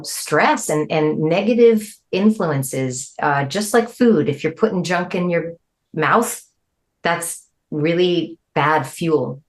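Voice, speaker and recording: Low-pitched middle-aged woman, animated interview chat, pitch pops up when she quotes folks. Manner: animated, jumps high when quoting people, laughs easily. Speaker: guest musician.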